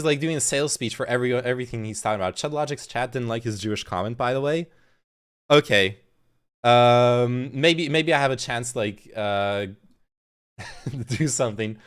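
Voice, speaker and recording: A man's voice: mid-range voice, clear, resonant tone. A man reacting on a livestream, talking casually and profanely with lots of stammered restarts, recorded on a phone. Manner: rambling, profane, stammering restarts, frequent laughs. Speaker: streamer. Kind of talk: casual reaction stream commentary.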